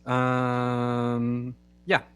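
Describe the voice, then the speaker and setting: A man's voice: medium pitch, monotone, extremely slow, clean tone, dry recording. Man, podcast panelist, casual chat, hesitant, rambling, dry sound. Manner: hesitant, rambling, with many fillers and restarts.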